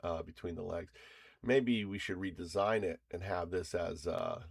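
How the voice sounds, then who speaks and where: A man casually walking through a screen demo of his own framework, loose and rambling with restarts and chuckles, bursting into excited energy at times. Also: low-pitched, measured pace, creaky, husky, no echo. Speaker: founder presenting his own startup framework.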